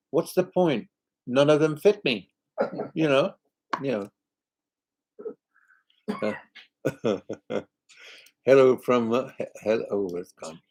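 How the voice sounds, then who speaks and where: An older man in a relaxed live chat, answering fans' comments one by one. His voice sits on the low side, and he talks in halting, rambling bursts studded with "you know" and soft chuckles. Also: poor audio. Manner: chuckles often. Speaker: singer hosting a live chat. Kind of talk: casual live chat reading viewer comments.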